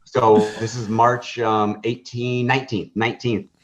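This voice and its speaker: A man's voice: medium pitch, level tone, a little slow, crowd noise. A man telling a story in a podcast interview, rambling through fillers and restarts and acting out the dialogue. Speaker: guest, hot dog stand owner. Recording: dull lo-fi podcast audio.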